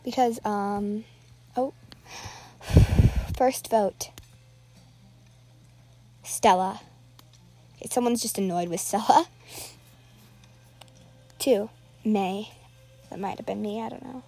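A woman's voice: medium pitch, takes it slowly, creaky, pauses often, mellow, soft background music. A woman giving live, rambling commentary while playing an online game, nervously narrating every move aloud.

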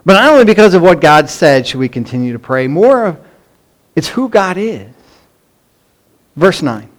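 A man's voice: a little high, normal speed, long pauses. A middle-aged man preaching a sermon, telling stories animatedly and mimicking children's pleading voices. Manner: animated storytelling, acts out pleading children in a raised voice. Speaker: pastor.

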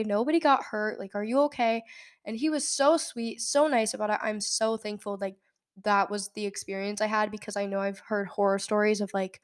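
A young woman with a fairly high voice tells a story on her podcast. She talks casually, laughs often and jumps up in pitch to act out what people said. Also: clear, resonant tone. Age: young adult. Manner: animated, laughs often, acts out quotes in a high voice. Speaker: podcast host.

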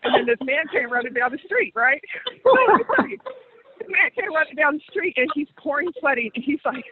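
A woman in her forties telling stories with animated, colloquial energy, laughing often, on a call. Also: sits high, moderate pace, a little hiss or hum. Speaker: co-host. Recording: muffled phone line.

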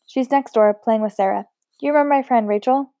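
A calm, protective older French sister, read aloud by a woman. She speaks soothingly but firmly. Her voice is mellow, fairly high, and recorded dry. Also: a little fast, no room sound, lightly acted. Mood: gentle.

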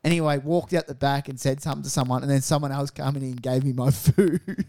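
A man's voice: mid-range voice, fairly even intonation, fast talker, a little mellow. A man with an Australian accent, a podcast co-host telling rambling stories in casual chat and mimicking the people in them.

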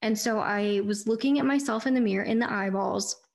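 A woman's voice: mid-range voice, a little fast, gravelly, a little mellow. A woman in her thirties hosting a faith-based pep talk podcast, chatty and earnest, often saying "you guys". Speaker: podcast host.

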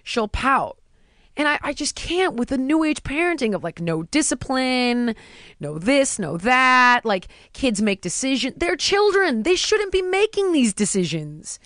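A woman in casual chat, telling stories in an animated way and acting out what people said. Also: high voice, measured pace, no room sound, studio quality. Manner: animated storytelling, acting out quotes.

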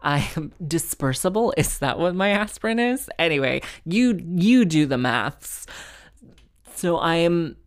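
A woman's voice: on the low side, animated, measured pace. A young woman hosting a podcast, telling stories in a rambling, self-mocking, tangent-hopping way. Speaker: podcast host. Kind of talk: casual comedic storytelling.

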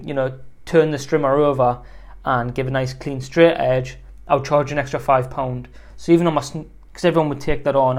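Guy with a bit of a higher voice rambling through a story about his lawn business, lots of you know. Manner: chatty, rambling, frequent "you know" asides. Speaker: lawn care business owner. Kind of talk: casual storytelling advice talk.

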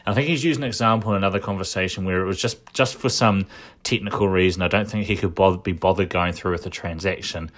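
A man's voice: low-pitched, fast, fairly bright tone. A man giving casual spoken commentary, thinking aloud with frequent restarts and asides. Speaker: commentator recapping a shareholder meeting.

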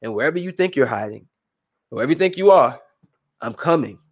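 A young man venting to his viewers in a heated, rambling monologue that swings between low brooding and loud outbursts. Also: expressive, fairly quick, slightly rough. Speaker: vlogger.

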